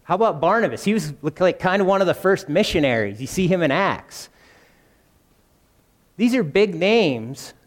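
Male preacher, fairly high voice, chatty sermon style, long church-hall echo. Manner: conversational, asks the congregation questions.

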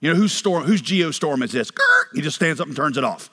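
A man from North Carolina preaching a sermon, animated, telling stories and acting out quotes, sometimes shouting. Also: a little high, fast talker, slightly rough. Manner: animated storytelling with acted quotes, rises to shouts. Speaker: pastor. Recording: long hall reverb.

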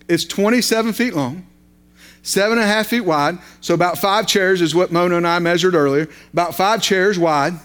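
High-voiced man preaching a folksy sermon. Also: fairly bright tone. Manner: repetitive, building emphasis, folksy asides. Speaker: lay preacher.

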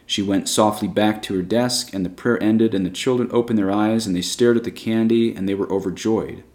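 A man narrating a story aloud in a measured, even storytelling manner. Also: lowish voice. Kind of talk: storybook reading.

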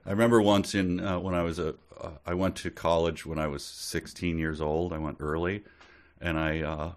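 A man's voice: sits low, level tone, moderate pace. A man co-hosting a comedy podcast, reading a novel's passages aloud and joking wryly about them. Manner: wry, reads passages then jokes about them. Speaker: podcast co-host. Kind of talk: comedic book-reading chat.

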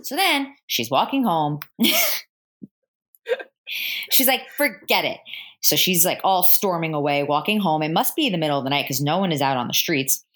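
A woman's voice: low voice, normal speed, pauses often. A woman in casual chat, animatedly retelling a film's plot and acting out the characters' lines. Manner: animated storyteller, acts out characters' lines in voices. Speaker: podcast co-host retelling a film.

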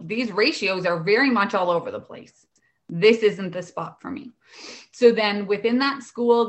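A woman in her thirties, an educational assistant, telling lively stories about her work and acting out the voices of the people in them. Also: mid-range voice. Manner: animated, acts out voices in anecdotes. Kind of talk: casual storytelling.

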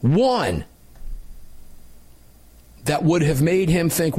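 A man's voice: on the high side, sing-song, takes it slowly, pauses often, a little mellow, husky. A man with an American accent hosting a radio talk show, telling a story in an emphatic, indignant way. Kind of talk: impassioned radio commentary.

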